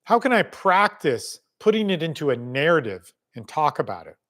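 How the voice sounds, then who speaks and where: A man's voice: fairly high pitch, very animated, moderate pace, a bit bright. Blunt, casual-talking man coaching. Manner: blunt, swears casually, talks straight to the viewer. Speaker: family court coach. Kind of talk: casual spoken lesson.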